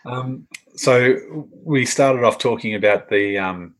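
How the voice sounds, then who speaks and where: A middle-aged man with an Australian accent, interviewing in a relaxed conversation and telling animated stories. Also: mid-range voice, slow pace, rough recording. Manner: chatty storyteller, animated when telling anecdotes. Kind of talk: casual conversation.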